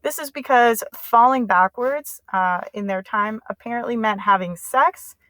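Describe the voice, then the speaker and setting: A woman's voice: fairly high pitch, unhurried, sharp tone, dry recording, rough recording. A woman teacher giving a casual, chatty lesson summary in slangy everyday speech.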